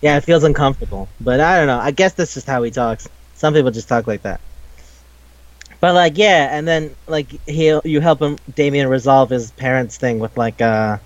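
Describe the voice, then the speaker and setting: A man chatting casually about a video game, rambling and swearing as he acts out the characters' lines in quick bits. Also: mid-range voice, dry recording, dull audio. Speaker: podcast co-host.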